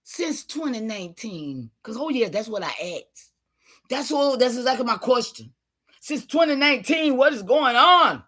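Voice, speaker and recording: A woman giving an impassioned, preachy livestream talk, calling out to her listeners and sometimes shouting in frustration. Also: sits high, expressive, normal speed. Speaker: online community leader.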